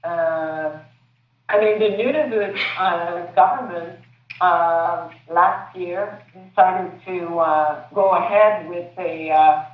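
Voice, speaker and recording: A woman's voice: fairly low pitch, takes it slowly. Hesitant woman heard from far off. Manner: hesitant, searching for words, many fillers. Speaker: filmmaker answering audience questions. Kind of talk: panel Q&A answer. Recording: distant, echoey, phone-like sound.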